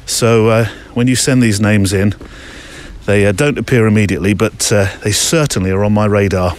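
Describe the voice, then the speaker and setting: A man's voice: lowish voice, fairly even intonation, moderate pace, slight background noise. Chatty man recording on a walk. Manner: chatty, rambling, reads listener emails aloud. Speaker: podcast host. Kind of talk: walking podcast narration. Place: outdoors on a country walk. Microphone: handheld recorder. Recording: faint outdoor ambience.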